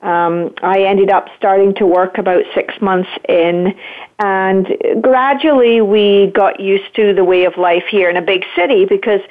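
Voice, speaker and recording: A woman, a guest on an interview show, speaking reflectively and sometimes pausing to search for words. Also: mid-range voice, fairly even intonation. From Scotland. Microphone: phone. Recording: tinny phone line.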